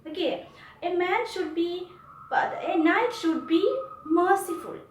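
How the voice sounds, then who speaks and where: Indian lady teaching kids english, slow and repetitive, sounds far from the mic in a roomy space. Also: very high-pitched. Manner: repeats and explains slowly to children. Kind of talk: online class lesson.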